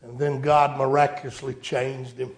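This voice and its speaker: A man's voice: medium pitch, flat delivery, normal speed, reverberant. A man preaching a sermon, telling a story in a down-home way and rising to emphatic pleas to his listeners. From rural United States.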